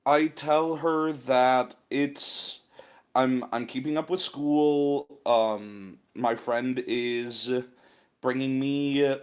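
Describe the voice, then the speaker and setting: A man's voice: mid-range voice, fairly even intonation, very slow, smooth. A man playing in a casual tabletop game, hesitant and stammering. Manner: hesitant, stammering, laid back. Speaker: player. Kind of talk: casual tabletop role-play.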